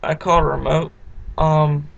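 A man's voice: fairly high pitch, moderate pace, creaky, muffled recording. A young man with a Southeastern Virginia accent, casually reading out questions and answering them with lots of ums. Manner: relaxed, many fillers like um.

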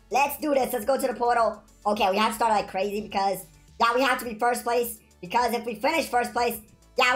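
A woman giving excited commentary on her video game play, shrieking whenever she wins or loses. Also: a little high. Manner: excitable, shrieks when winning or losing. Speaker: gaming YouTuber.

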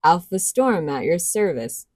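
A woman's voice: fairly low pitch, big pitch swings, unhurried, a little mellow, dry recording, studio quality. A woman voicing a mocking, predatory male wolf-soldier leader. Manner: sneering, mocking.

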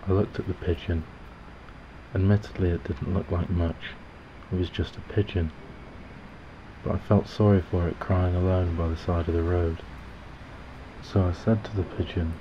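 A man's voice: low voice, little pitch movement, normal speed. A man narrating a short story in a dry, matter-of-fact way. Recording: dull lo-fi recording with background noise.

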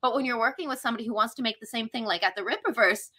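A woman chatting casually on a podcast about making comics, animated and profane, acting out quotes from bosses. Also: on the high side, racing. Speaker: comics creator guest.

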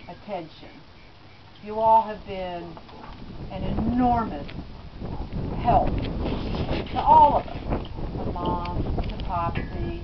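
A middle-aged woman speaks at a memorial, telling family stories and laughing softly. Her voice has an everyday middle pitch. The recording is dull and lo-fi, with a faint hiss. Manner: storytelling with gentle laughs. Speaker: daughter giving a eulogy. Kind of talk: personal eulogy speech.

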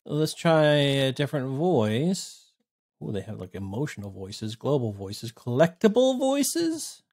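Man, thirties, casual reviewer, sarcastic, blunt, swears. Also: mid-range voice. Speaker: tech reviewer. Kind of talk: casual screen-recorded review.

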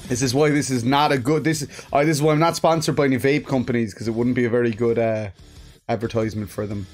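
An Irish man talks loosely and cheerfully to his viewers while he streams a game. He swears freely and laughs often. Soft music plays faintly behind his voice. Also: mid-range voice, steady tone, fast. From Ireland. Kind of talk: casual live-stream chat.

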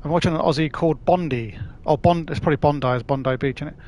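A man's voice: a little high, quick pace, a little mellow, slight background noise. A man chatting casually on a live stream while playing, laughing often and swearing freely.

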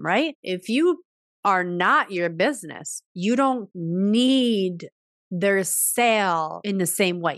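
A woman's voice: dry recording, studio quality. A woman hosting a motivational business podcast, telling stories animatedly and acting out conversations. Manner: animated storytelling, acts out dialogue with big pitch jumps. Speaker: podcast host.

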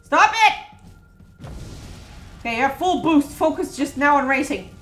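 A woman's voice: sits high, expressive, measured pace, a bit bright. A woman co-hosting a casual gaming livestream, teasing her partner and bursting into laughter. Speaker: co-streamer, host. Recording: echoey room with game music. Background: game music.

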